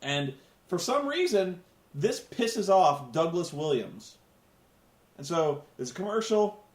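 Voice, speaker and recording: A man giving a sarcastic, animated comedic recap of a wrestling show, swearing freely as he rants. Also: on the high side, takes it slowly, reverberant.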